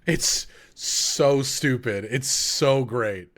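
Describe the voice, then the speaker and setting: Excitable, swearing man on a podcast. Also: mid-range voice, extremely slow. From United States. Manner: excitable, profane, emphatic. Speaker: podcast co-host. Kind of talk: casual anime review chat.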